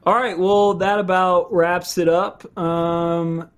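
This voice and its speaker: Young dude hosting a music podcast, kinda high voice, chill, swears a lot. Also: male voice, flat delivery, takes it slowly, clear, resonant tone. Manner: laid-back, swears casually. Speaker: podcast host. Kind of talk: casual chat.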